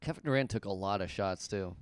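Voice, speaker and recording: A man on a casual sports podcast, tossing in laid-back, dry remarks. His voice is low and smooth, recorded on a close mic in a dry room. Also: brisk, dry recording. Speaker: podcast co-host.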